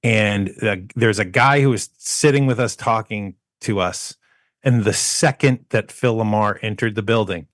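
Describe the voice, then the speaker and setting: Man telling animated stories on a podcast. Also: fairly low pitch, a little slow, dry recording, studio quality. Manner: animated anecdote teller who mimics people. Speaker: podcast co-host. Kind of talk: casual chat, storytelling.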